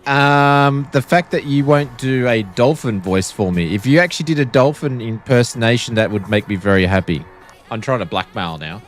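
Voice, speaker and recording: A man's voice: mid-range voice, moderate pace, soft background music. Joking Australian guy streaming. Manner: joking, playfully pleading. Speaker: flight sim streamer. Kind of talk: casual live-stream chat.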